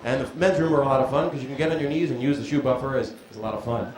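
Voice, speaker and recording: A man's voice: medium pitch, fairly even intonation, racing. A male stand-up comedian performing a live set, riffing with and teasing the audience from a comedy club stage. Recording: echoey archival club recording with loud crowd noise. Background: audience laughter.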